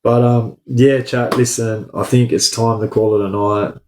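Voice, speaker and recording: A man with an Australian accent, chatting casually on a livestream, answering viewer comments in relaxed slang. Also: medium pitch, a little slow, reverberant, slight background noise. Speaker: livestream host. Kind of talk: casual live chat reading comments.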